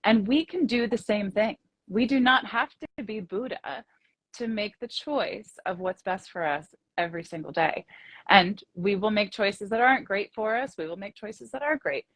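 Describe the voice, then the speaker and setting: A woman co-hosts a spiritual chat, offering encouragement and vivid metaphors in a motivational tone. Her voice is mid-pitched and recorded dry and close, with no room echo. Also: normal speed. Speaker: co-host.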